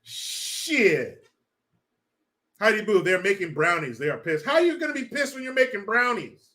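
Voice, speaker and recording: A man's voice: high-pitched, sing-song, normal speed, pushed and bright. A man hosting a casual livestream, reading chat and ranting with lots of profanity and laughter. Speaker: live stream host.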